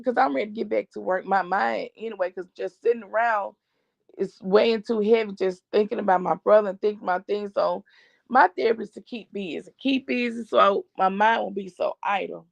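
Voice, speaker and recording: A woman's voice: mid-range voice, creaky, dry recording. A middle-aged woman hosting a family channel, chatting to viewers and retelling what people said to her in a long story. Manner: chatty, retells others' words with "I said, he said". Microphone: streaming setup. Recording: dull lo-fi dry stream audio.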